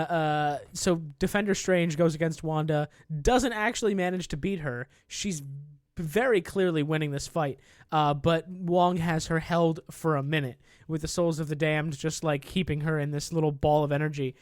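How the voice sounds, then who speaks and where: A man's voice: fairly high pitch, steady tone, normal speed, clear, resonant tone, no echo, clean studio sound. A man co-hosting a podcast, retelling a film's plot in casual chat, swearing often and acting out the characters' lines. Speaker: podcast co-host. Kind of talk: casual recap of a film plot.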